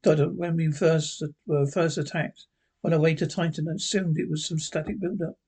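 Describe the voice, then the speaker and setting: A man reading the part of a clever male time-traveling doctor, musing and halting. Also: fairly high pitch, fairly even intonation, darkish tone, husky. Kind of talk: reading a script aloud.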